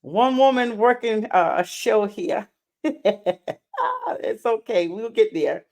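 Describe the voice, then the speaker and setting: A woman hosts a live stream in a chatty, excited way. She repeats her greetings over and over and talks to her viewers as "y'all". Her pitch sits in the middle for a woman. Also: takes it slowly. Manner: uses Southern US words like y'all. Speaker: livestream host and founder. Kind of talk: casual live-stream chat.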